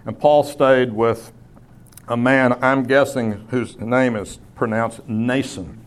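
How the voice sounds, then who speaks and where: A man's voice: mid-range voice, fairly even intonation, slow pace, clean tone. A man preaching a sermon, teaching in a conversational way with asides and small self-corrections. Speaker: pastor.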